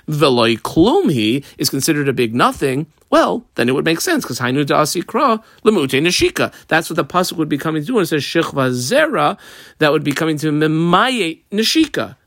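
A man teaching a Talmud class page by page, reading Aramaic terms and explaining them quickly in English. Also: fairly high pitch, a bit bright, no echo, studio quality.

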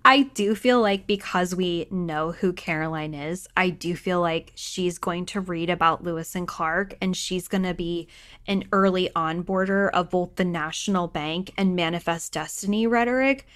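A woman's voice: lowish voice, normal speed, fairly bright tone. A woman co-hosting a casual book chat, analytical with joking asides. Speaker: podcast co-host. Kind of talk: casual chat about books.

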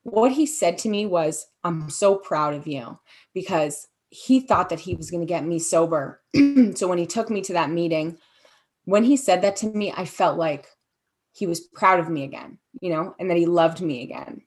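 Woman, slightly low voice, candid, halting, filler words, interview guest. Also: expressive, a little mellow. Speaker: guest sharing her story. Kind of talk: personal testimony interview.

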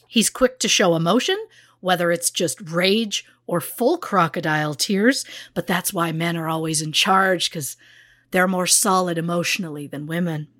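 A woman's voice: fairly low pitch, normal speed, a bit bright, dry recording, clean studio sound. A woman co-hosting a true crime podcast, blunt and sarcastic as she recaps a case. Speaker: podcast co-host.

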